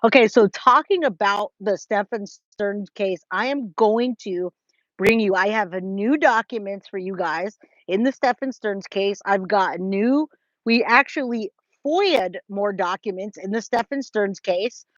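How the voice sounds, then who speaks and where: A woman from California hosts a casual livestream from a trailer, reading chat, greeting viewers by name, and restarting her sentences a lot. Her voice is medium-pitched and her pace measured. The recording is dry, with a slightly dull lo-fi quality.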